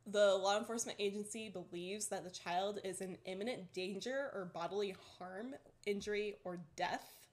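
A young woman hosting a podcast, chatting loosely and filling her talk with "like." She has just woken up and her mouth sounds a little dry. Her voice sits at an ordinary middle pitch. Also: moderate pace, hardly any pauses. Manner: chatty, many "like" fillers, laughs often. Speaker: podcast co-host. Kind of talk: casual podcast chat.

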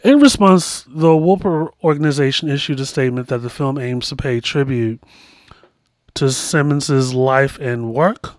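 A man's voice: medium pitch, measured pace, no room sound, clean studio sound. A man hosting a podcast, chatting casually and rambling through asides as he comments. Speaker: podcast host.

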